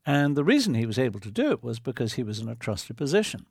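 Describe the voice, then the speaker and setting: Gravelly, animated male preacher. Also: medium pitch, fast talker, no room sound, clean studio sound. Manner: earnest, building vivid hypothetical scenarios. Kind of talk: sermon.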